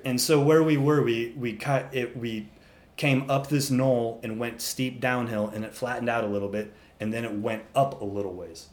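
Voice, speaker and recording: Mid-pitched man, animated, salty storyteller, acts out the characters. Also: moderate pace. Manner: animated, swearing, acting out animals. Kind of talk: casual podcast chat.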